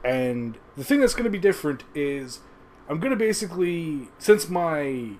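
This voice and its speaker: A man's voice: a little high, big pitch swings, normal speed, a little mellow, a little hiss or hum. A man giving a casual, rambling review of an old TV episode into a webcam, swearing often and chuckling as he goes. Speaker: show reviewer. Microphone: webcam recording.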